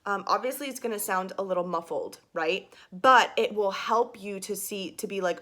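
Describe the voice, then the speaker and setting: A woman's voice: medium pitch, normal speed, few pauses, fairly bright tone. A young woman giving a casual singing lesson to camera, chatty and full of fillers and asides. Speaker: singing teacher.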